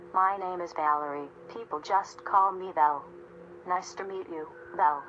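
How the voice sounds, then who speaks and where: A woman reading a story aloud in a steady, measured narration. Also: lowish voice, muffled recording, a little hiss or hum. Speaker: audiobook narrator. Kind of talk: scripted narration.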